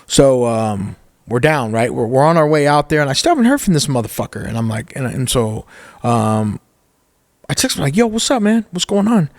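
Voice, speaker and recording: A man's voice: mid-range voice, very animated, normal speed, no room sound, clean studio sound. A man in his thirties, a podcast guest telling a story in a casual, rambling way with lots of swearing and filler words. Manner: profane, rambling, with many fillers.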